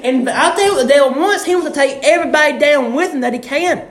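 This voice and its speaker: A young man preaching a sermon in a church, fervent, shouting his refrains and swinging his voice from high to low. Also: quick pace, echoey room. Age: young adult.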